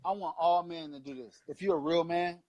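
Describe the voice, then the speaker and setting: A man's voice: fairly high pitch, fairly even intonation, a little fast, darkish tone. A man in his thirties from Long Beach, California, co-hosting a casual political chat show with impassioned, profane, rambling preaching. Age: 30s. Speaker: co-host.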